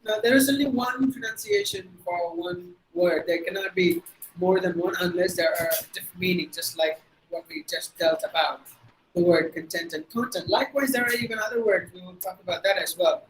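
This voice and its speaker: Over a video call, a Tamil-accented man leads an online pronunciation lecture, spelling out words letter by letter and saying them again. He speaks briskly in a high voice, and the recording is rough.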